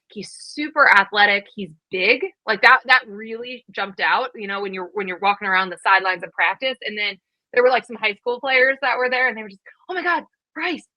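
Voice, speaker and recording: A woman's voice: medium pitch, dry recording, highs cut off. Chatty woman co-hosting a sports show. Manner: quick, chatty, many fillers. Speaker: podcast co-host. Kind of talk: casual sports chat.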